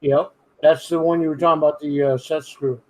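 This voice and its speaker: A man in casual group video chat, blunt and quick to interrupt and correct others. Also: a little high, level tone, low-quality recording.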